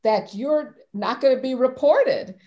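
A woman speaking as a panelist in an academic discussion, measured and thoughtful, often restarting her sentences. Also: sits high, lively intonation, dull audio.

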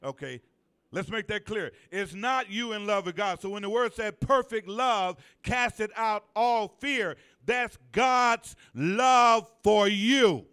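Man, pastor, church sermon, high pitch, resonant smooth voice, drawn-out emphatic call-and-response. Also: pushed and bright. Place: church sanctuary.

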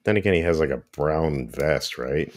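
A man's voice: very deep voice, expressive, normal speed. A middle-aged man co-hosting a podcast in casual chat, wry and teasing. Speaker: podcast co-host.

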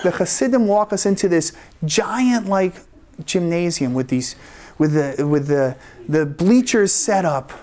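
Animated rabbi telling a story. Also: male voice, high-pitched. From United States. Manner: animated, laughs often, acts out quoted lines. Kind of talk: live personal storytelling. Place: event stage before an audience.

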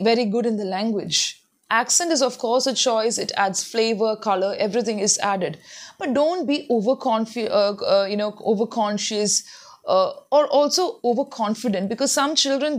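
A woman giving earnest advice in a spoken lesson, repeating words to model how they sound. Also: on the high side. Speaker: English tutor. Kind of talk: spoken English lesson to camera.

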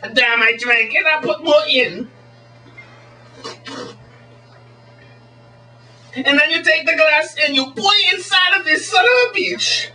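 A man putting on a high, excitable voice as a crude, goofy Swedish stage magician. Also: moderate pace, distant mic, exaggerated voice, poor audio. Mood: showy, crude.

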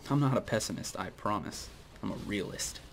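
A man with a low voice gives casual gameplay commentary and wanders into opinionated tangents aimed at his viewers. His throat sounds dry and needs frequent clearing. A faint hiss sits under the recording. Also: animated, fairly quick. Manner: rambling, opinionated tangents, addresses viewers directly. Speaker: gaming video host.

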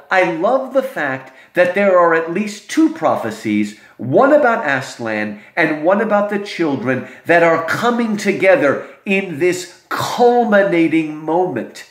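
A man giving a literature lecture, slow and expressive, with dramatic emphasis. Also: on the high side. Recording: roomy echo.

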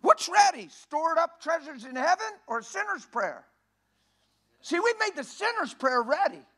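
A male preacher with a strikingly high voice delivers a sermon in a church. His tone is bright and forceful, and his delivery is folksy and emphatic, swelling into shouts. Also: very animated, moderate pace.

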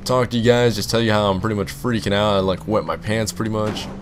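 A man's voice: on the low side, fairly even intonation, fast talker, slight background noise. A young man commenting on his own gameplay, rambling and breaking into panicky outbursts. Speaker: gaming YouTuber. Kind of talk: let's play commentary.

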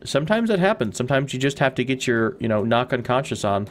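A man's voice: mid-range voice, very animated, fast talker, a little hiss or hum. A man hosting a let's play, giving casual gameplay commentary, chatty and rambling as he thinks aloud.

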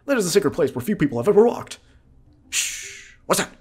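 A man's voice: sits high, big pitch swings, a little mellow, breathy edge, pitched above the performer's own voice, heavily acted. A man voicing a wise old male owl who guides the hero and hoots between his words. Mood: solemn. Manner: slow hooting delivery.

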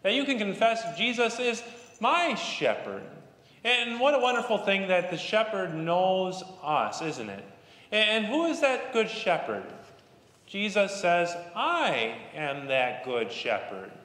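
A pastor in his thirties speaks gently to children, telling a story with halting restarts. His voice sits a little high for a man. It rings through a roomy chapel with a long reverb tail. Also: big pitch swings. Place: church chapel.

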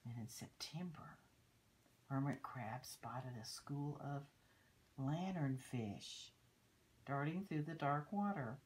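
An older woman reading a picture book aloud to children, pausing to point at the pictures and explain. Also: very deep voice, lively intonation, a little mellow, rough recording. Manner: unhurried, stops to point out pictures and teach. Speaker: storybook reader.

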